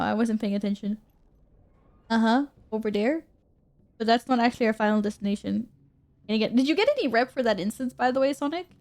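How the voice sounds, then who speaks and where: A woman's voice: a little high, a little mellow. A woman streamer chatting casually and giggling with her chat as she plays. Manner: bubbly, giggly, talks to chat. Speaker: game streamer.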